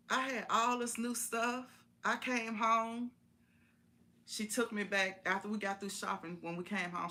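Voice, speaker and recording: A woman's voice: medium pitch, pushed and bright. A woman telling a personal story in a casual, folksy way on a live stream, repeating phrases for emphasis.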